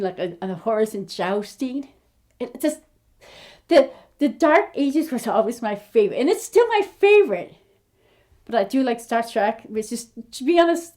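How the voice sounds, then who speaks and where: A woman in her fifties with a high, bright-pitched voice talks straight to camera in a casual personal vlog. She rambles earnestly, restarting her thoughts and pouring heartfelt feeling into each aside. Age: 50s. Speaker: aspiring actor vlogger.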